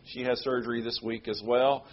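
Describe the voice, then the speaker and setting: A man preaching a sermon, moving from quiet prayer announcements to loud, emphatic points. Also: medium pitch, moderate pace, highs cut off, slight background noise. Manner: animated preaching, shifts between hushed announcements and loud emphatic delivery. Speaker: pastor.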